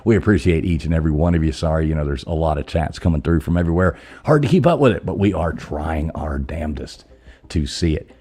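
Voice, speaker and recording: A man with a low, mellow voice chats loosely on a live stream. He greets viewers one by one and drifts easily from topic to topic. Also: expressive, fast, breathy edge. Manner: easygoing, rambling, greets viewers by name. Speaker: livestream host. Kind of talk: casual live show chat.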